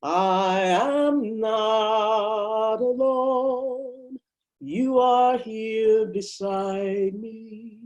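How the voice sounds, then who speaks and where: A woman sings slow, repeated lines to a congregation gathered online, stopping now and then to speak a quick cue. Her pace is unhurried and steady. Music plays softly under her voice. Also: a little high. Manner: slow, sung lines with spoken cues between. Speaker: guest worship leader. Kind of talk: leading a congregational song.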